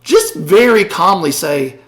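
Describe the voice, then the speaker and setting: A man's voice: high voice, animated, slow pace, a bit bright. A middle-aged man co-hosting a podcast, telling a story in casual chat and animatedly acting out the voices of the people in it. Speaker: podcast co-host.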